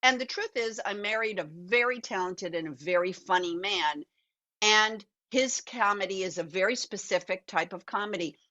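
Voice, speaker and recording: An older woman, a guest actor and author, telling animated, reflective stories in a conversational interview over a video call. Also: mid-range voice, normal speed, muffled recording.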